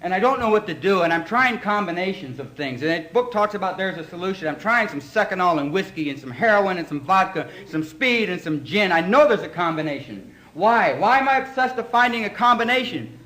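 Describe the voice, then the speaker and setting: A man giving a personal testimony at a recovery meeting, telling his story with animated emotion in front of an audience that laughs along. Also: sits high, fairly quick, hardly any pauses. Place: meeting hall before an audience. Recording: echoey hall, faint room noise.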